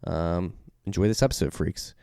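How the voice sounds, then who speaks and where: At a normal speed, this man's low, gravelly, mellow voice carries a Philadelphia accent as he hosts a podcast. The intro and sponsor reads come out loose and improvised, dotted with fillers and corrections. The recording is dry and studio clean.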